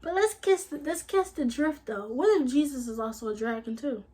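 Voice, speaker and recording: A woman vlogger with a high-pitched voice delivers a casual spiritual monologue. She is blunt and emphatic, swears without holding back, and repeats phrases to hammer her point. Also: expressive, moderate pace, dark tone.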